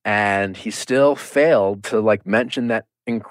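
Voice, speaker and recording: A man hosting a podcast in casual chat, animated and swearing, acting out quotes as he talks. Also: on the low side, a little slow, no echo, studio quality. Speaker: podcast host.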